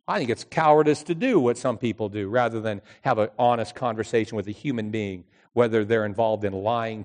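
A male youth pastor with a medium-pitched voice preaches a sermon in story form. He's animated, shifting between loud emphasis and hushed, earnest passages.

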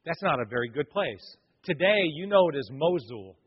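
A pastor gives a sermon, animatedly narrating something that happened to him and voicing the other people in the tale. His voice is husky and a little high, his speed normal, and the dull lo-fi recording sits in a hall with long reverb.

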